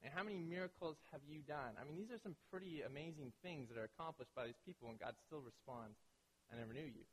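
Fairly high-pitched and quick, with hardly any pauses, this pastor's voice is a bit bright with a breathy edge, heard in a big room. His sermon is loose and conversational; he checks in with "right?" again and again and acts out quoted voices from his stories.

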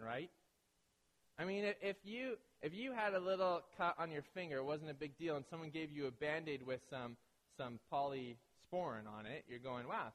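A man preaching a sermon with a fairly high voice, talking to the congregation as if in conversation. He checks in often and slips into the voices of people in his stories. His voice rings out with the long reverb of a large hall. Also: fairly bright tone. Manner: conversational, keeps asking "right?"; acts out quoted voices. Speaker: pastor.

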